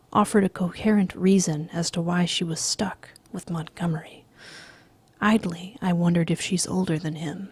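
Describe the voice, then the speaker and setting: A woman reading a novel aloud in a dry, deadpan, often hushed manner. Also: lowish voice, gravelly, husky, no room sound. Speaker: reader. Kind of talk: audiobook reading.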